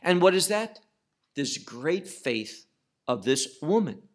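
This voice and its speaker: A man teaching verse by verse through a Bible passage, slow and emphatic, asking and answering his own questions. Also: on the high side, big pitch swings.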